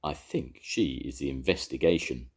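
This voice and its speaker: A man's voice: rumbling low, moderate pace, breathy edge, full character voice. An older man voicing a confiding village policeman in a storybook reading. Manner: hushed, confiding. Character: village male policeman, hushed and gossipy.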